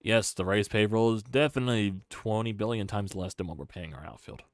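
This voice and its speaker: A man with a low voice rants to his live-stream viewers. He swings between loud frustrated outbursts and low muttering. The recording is dry and close, with no room sound. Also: a little fast, no room sound. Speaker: sports fan streamer. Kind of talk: live-stream sports rant.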